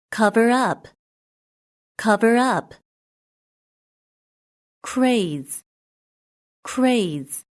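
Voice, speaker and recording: Slow, careful woman reading vocabulary. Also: on the high side. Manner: reads each word twice with even, careful enunciation. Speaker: vocabulary reader. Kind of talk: slow word-list reading for study.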